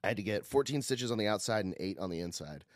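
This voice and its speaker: Man, animated storyteller, swears a lot, laughs often, dry close sound. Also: on the low side, fast talker, no echo. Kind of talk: casual chat, storytelling.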